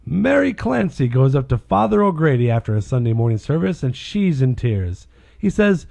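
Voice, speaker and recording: Lively gravelly-voiced man. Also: medium pitch, normal speed. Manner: animated, gets loud and lively telling jokes. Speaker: podcast co-host. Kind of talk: casual chat and joke telling.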